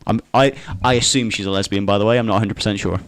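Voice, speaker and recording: A man's voice: fairly low pitch, fairly even intonation, rapid-fire, no room sound. A man co-hosting a podcast in loose debate banter, rambling, trailing off mid-sentence and swearing casually. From Scotland. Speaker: podcast co-host.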